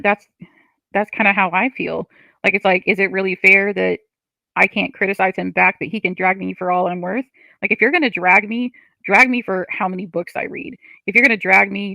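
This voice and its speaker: A frustrated woman venting on her livestream between chat comments, with a heavily gravelly, fry-laden voice. Her tone is bright and tense, and she swears freely. The sound is dry and close. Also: mid-range voice, dry recording. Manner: frustrated, ranting, swears often.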